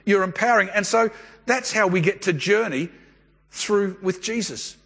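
A man's voice: sits high, normal speed, vocal fry, a bit bright. A man preaching a sermon as a pastor, talking. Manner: conversational storytelling preacher. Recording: long hall reverb.

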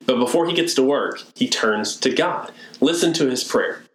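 A man preaching a sermon in a storytelling way, moving between hushed and lively delivery. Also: mid-range voice, normal speed, hardly any pauses. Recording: echoey room.

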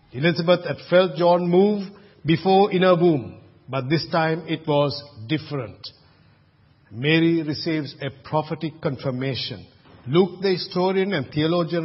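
A man's voice: on the high side, slightly rough, in a large hall, dull audio. A man from Sri Lanka preaching a sermon as pastor, chatty and asking the congregation questions. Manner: conversational, asks the congregation questions.

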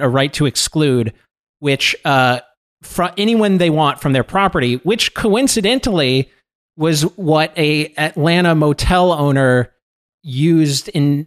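A male guest writer explaining a legal case in a measured way, with hesitant fillers. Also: on the high side.

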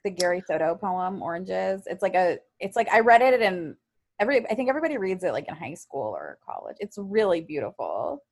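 A woman with a lowish voice chatting casually as a podcast co-host. She gets emotional and teary easily, and the recording is dry and close with no room sound. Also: big pitch swings, a little fast, a little mellow, no echo. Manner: emotional, tearful when talking about poems. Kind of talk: casual chat.

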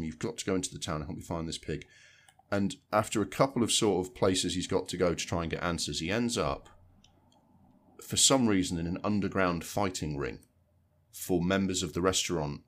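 A man's voice: sits low, brisk. A man co-hosting a film podcast, talking casually and rambling as he reviews a film, often restarting and repeating words while he thinks.

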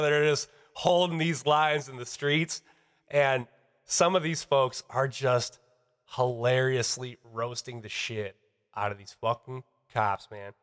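Laid-back, profane podcast co-host. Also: male voice, medium pitch, moderate pace, a bit bright, clean tone. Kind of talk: casual podcast chat.

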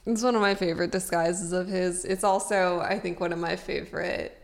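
A woman's voice: lowish voice, fairly even intonation, fairly quick, gravelly. A woman co-hosting a casual book podcast, reading excerpts and chatting with a lot of "like". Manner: reads aloud, then chats with fillers like "like". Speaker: podcast co-host.

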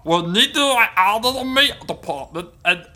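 A man's voice: high voice, animated, normal speed, bright, forceful tone, heavily acted. A man doing a stammering, panicky husband. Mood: panicked. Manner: stammering, rambling, restarts every phrase. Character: panicky nervous husband hiding at a grocery store. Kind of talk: improvised comedy role-play.

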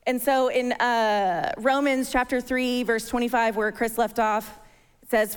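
Woman preaching with lively storytelling. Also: fairly high pitch, clear, resonant tone. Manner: animated storytelling, acting out her own panic. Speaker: church speaker. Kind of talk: sermon with personal story. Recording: long hall reverb.

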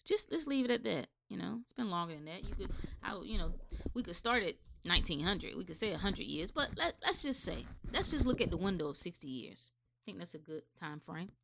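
A woman's voice: medium pitch, gravelly, fairly bright tone. Impassioned woman ranting bluntly. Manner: blunt, impassioned, swearing, addressing listeners directly. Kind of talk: unscripted opinion rant.

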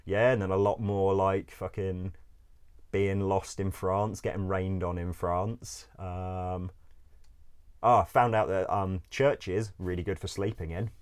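Low-voiced man rambling casually. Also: level tone, measured pace, clear, resonant tone. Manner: rambling, laughing often, swearing, many fillers. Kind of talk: casual storytelling.

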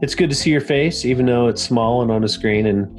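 A man's voice: mid-range voice, a little fast, faint music behind. Joking man hosting over a remote call. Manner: joking, rambling, easily sidetracked. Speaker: podcast host. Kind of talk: casual chat.

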